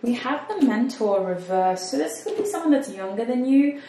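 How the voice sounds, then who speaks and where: A woman's voice: fairly high pitch, lively intonation, moderate pace, recorded from a distance. A woman giving a casual, chatty tarot reading, thinking aloud and poking fun at herself. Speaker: tarot reader. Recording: roomy echo, mic set back, faint noise.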